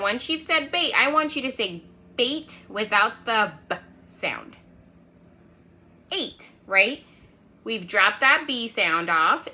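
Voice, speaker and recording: Bright, sing-song preschool teacher woman. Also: mid-range voice. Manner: lively sing-song, constant "right?" check-ins. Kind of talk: remote lesson for young children.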